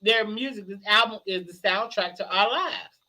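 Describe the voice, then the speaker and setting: Bright-voiced, animated storytelling man. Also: high-pitched, normal speed. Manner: animated storyteller, laughs a lot, hoarse shouts when excited. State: a little tipsy. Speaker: guest. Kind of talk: casual chat.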